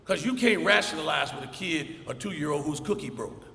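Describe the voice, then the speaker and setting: A middle-aged man giving a motivational commencement speech, telling stories and acting out the dialogue with lively energy. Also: a little high, brisk, a little hiss or hum. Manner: storytelling with energetic acted-out dialogue. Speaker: commencement speaker. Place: large hall. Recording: echoey hall, faint ambience.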